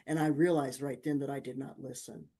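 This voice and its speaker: Mellow-voiced woman telling stories. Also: a bass voice, a little fast. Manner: lively anecdotes with acted-out quotes. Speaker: guest. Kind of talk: conversational storytelling.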